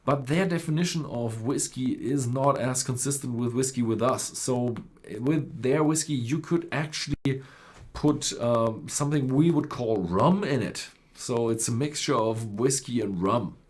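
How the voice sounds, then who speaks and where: A man's voice: medium pitch, a little slow, husky. A man explaining whisky types in loose, rambling talk, full of fillers and self-corrections. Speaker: whisky presenter. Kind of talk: unscripted explainer.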